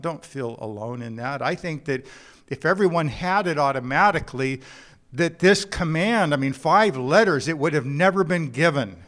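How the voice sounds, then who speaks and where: A man preaching a sermon in an earnest, unhurried way, sometimes halting and repeating words as he builds a point. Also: fairly high pitch, fairly bright tone. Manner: earnest preaching with told jokes and a drawn-out, halting delivery. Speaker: pastor.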